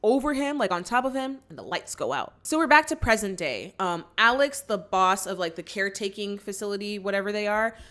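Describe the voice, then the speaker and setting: A woman's voice: medium pitch, lively intonation, a little fast, hardly any pauses, fairly bright tone. A woman hosting a movie reaction channel, recapping a film in a chatty way, acting out quoted lines and using lots of fillers. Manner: chatty storytelling with acted-out quotes and many "like" fillers.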